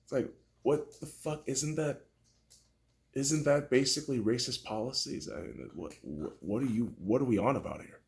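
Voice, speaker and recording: A podcast host launches into a heated, profane political rant full of mockery, swinging between loud outbursts and low muttering. He speaks at a moderate pace with a breathy edge.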